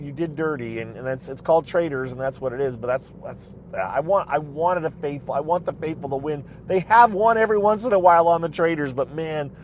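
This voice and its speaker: A man talks loosely from the driver's seat of his car, circling back and restarting his sentences as he goes. His voice sits in an ordinary middle range. A faint hum of road noise runs underneath. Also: mid-range voice. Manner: chatty, rambling, many restarts and fillers. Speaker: recap vlogger. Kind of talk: casual rambling recap. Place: inside a car.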